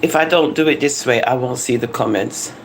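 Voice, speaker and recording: A live-stream host, chatting casually from home into a phone, animated and laughing as they tease and tell stories. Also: mid-range voice, brisk, noisy background. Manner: animated, laughing, teasing rants and storytelling. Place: home living room. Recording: echoey room with faint ambience.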